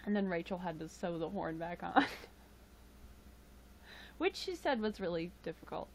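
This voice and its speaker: A woman's voice: fairly low pitch, animated, moderate pace, slight background noise. A tired woman chatting casually with live-stream viewers, rambling with frequent chuckles and fillers into a webcam mic. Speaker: livestream host.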